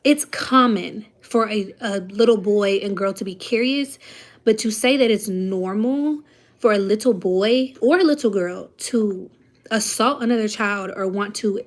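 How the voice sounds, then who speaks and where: A woman's voice: medium pitch, a little slow. A mother vlogging in casual chat, talking straight to her viewers and telling a story with growing heat. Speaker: parent.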